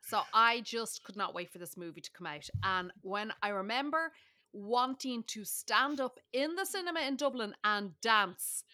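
Bright-voiced, emphatic woman co-host. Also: on the high side, lively intonation, normal speed. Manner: emphatic and exclamatory. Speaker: podcast co-host. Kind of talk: casual film discussion.

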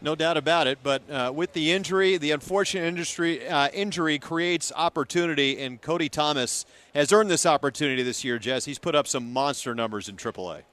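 A man's voice: fairly high pitch, a little fast, few pauses, fairly bright tone. A man hosting a baseball pregame radio show, upbeat and conversational.

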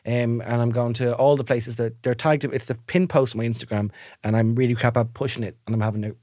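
A young Irish man in casual comedy chat who teases and gives plugs. He talks fast in a mid-range voice. The sound is dry and close. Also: medium pitch, steady tone, mellow, no room sound. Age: young adult. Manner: teasing, brisk, self-promoting. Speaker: podcast co-host.

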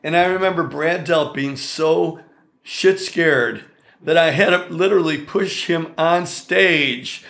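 An older man from the Chicago area, a songwriter and guitarist, telling stories in an interview in a chatty, animated way with many asides. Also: a little high, slow, vocal fry. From Chicago area, USA. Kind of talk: storytelling interview.

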